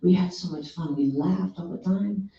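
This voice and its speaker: A woman's voice: on the low side, normal speed, dark tone, a little hiss or hum. A woman guest sharing a heartfelt, earnest story on a radio show. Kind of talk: casual faith-based chat. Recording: echoey room, distant dull mic.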